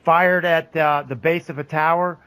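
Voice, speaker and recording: A man with a high voice narrates as game master in a tabletop role-playing game. He describes the action scene by scene, often stopping to correct himself. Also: steady tone, normal speed, fairly bright tone, clear, resonant tone. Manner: descriptive, with frequent restarts.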